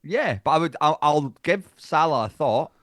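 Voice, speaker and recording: A man with a Scottish accent chatting bluntly as a podcast guest, swearing freely and animated. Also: a little high, moderate pace, no room sound, studio quality. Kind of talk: casual chat.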